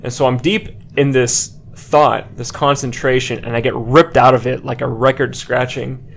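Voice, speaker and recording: A man's voice: medium pitch, moderate pace, gravelly. A young adult man, a podcast co-host, telling a story casually to friends. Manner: animated anecdote telling with laughs.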